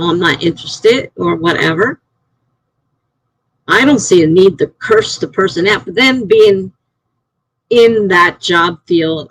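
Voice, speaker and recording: A middle-aged woman hosting a live stream, chatting casually and rambling through stories, getting animated when she is indignant. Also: on the low side, husky, no room sound, poor audio. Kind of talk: casual live-stream chat reading comments.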